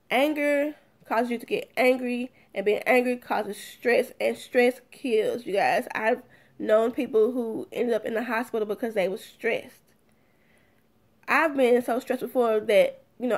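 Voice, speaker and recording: Earnest woman vlogger, slightly high voice. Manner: earnest, repetitive, addresses viewers as "you guys"; acts out heated and calm exchanges. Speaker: vlogger giving advice. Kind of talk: casual talk to camera.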